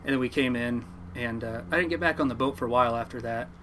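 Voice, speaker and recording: A man, a fishing boat captain, telling stories from his life at sea to a podcast host in a lively, laughing way. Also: mid-range voice, fast talker, a little hiss or hum. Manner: animated yarn-spinner, laughing at his own story. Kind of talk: casual storytelling.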